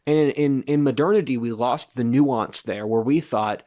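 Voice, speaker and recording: Guy on a podcast laying out his ideas, confident lecturing tone, mid pitch. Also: moderate pace, warm tone. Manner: assertive, lecturing explanations. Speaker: podcast guest. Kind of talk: casual interview talk.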